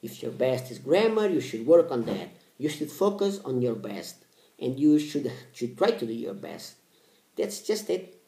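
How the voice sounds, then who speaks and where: A man's voice: mid-range voice, sing-song, unhurried, dark tone, reverberant. A man in his late twenties, a polyglot vlogger giving a casual motivational talk, blunt and repetitive, swearing casually. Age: 20s.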